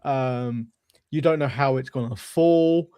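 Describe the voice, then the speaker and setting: A man's voice: mid-range voice, slow pace, warm tone, clean tone, dry recording. An English man co-hosting a podcast, rambling in casual chat with many hesitations. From England. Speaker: podcast co-host.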